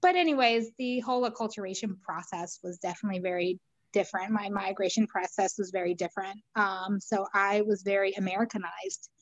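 A woman's voice: medium pitch, fairly quick, dry recording, dull audio. A middle-aged woman from Peru, a guest, telling her story thoughtfully with frequent fillers and restarts. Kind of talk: reflective conversational storytelling.

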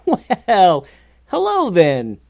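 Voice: medium pitch, big pitch swings, measured pace, dark tone, breathy edge, no room sound. Ray, narrator voicing a cheerful young ninja. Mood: nervous bluffing.

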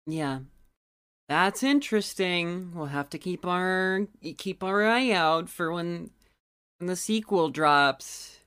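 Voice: mid-range voice, slow, fairly bright tone, clear, resonant tone. A podcast co-host chatting casually and enthusiastically about a film, with a loose, profane way of talking. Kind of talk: casual chat.

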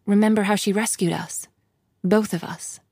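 A woman's voice: mid-range voice, steady tone, moderate pace, a little mellow, slightly rough, no echo, studio quality. A woman voicing an earnest, frightened young woman who speaks in an urgent, pleading way.

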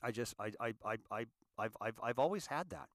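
A man of sixty from California, hosting a show and telling his story in an earnest, halting monologue that often repeats words. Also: mid-range voice, animated, dry recording. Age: 60s. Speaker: show host. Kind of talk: confessional monologue.

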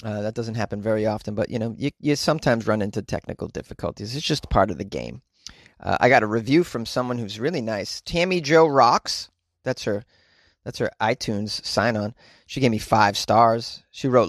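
A chatty, joking male podcast host with a mid-pitched voice, speaking into a home podcast mic. His delivery is loose and full of "uh"s, and the sound is dry and close with no room echo. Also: lively intonation, moderate pace. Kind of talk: casual solo podcast chat reading listener mail.

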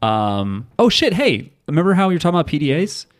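A man co-hosting a podcast, chatting casually and telling animated, jokey stories. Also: a little high, fast talker, dry recording, clean studio sound. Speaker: podcast co-host. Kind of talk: casual chat.

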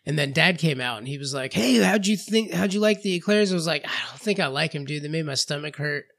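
Man, podcast co-host, a bit high-pitched, casual, giggly anecdotes. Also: lively intonation, quick pace, fairly bright tone. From Florida. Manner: laughs often, tells stories with voiced quotes. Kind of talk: casual chat.

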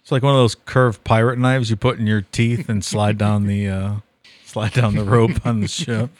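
A man's voice: fairly low pitch, steady tone, moderate pace. A man co-hosting a podcast who throws in dry quips. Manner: dry quips and short replies. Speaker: podcast co-host. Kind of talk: casual chat.

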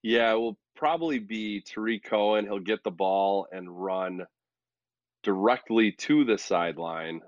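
Podcast co-host, male, low voice, rambling and self-deprecating, dry muffled recording. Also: a little slow, no room sound. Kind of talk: casual sports chat. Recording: dull lo-fi dry audio.

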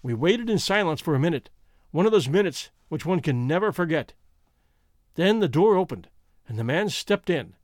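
A male narrator reading a classic mystery aloud in a steady, storytelling way. His pitch runs high and moves lively, and the close mic leaves it dry. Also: normal speed, dry recording.

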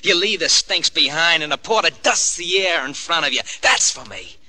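A man's voice: fairly high pitch, lively intonation, normal speed, bright, forceful tone, dry recording. An actor playing a desperate young crook who talks in tough street slang and swings from snarling to begging his mother. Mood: scheming. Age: young adult. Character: desperate young male small-time crook, bitter and pleading.

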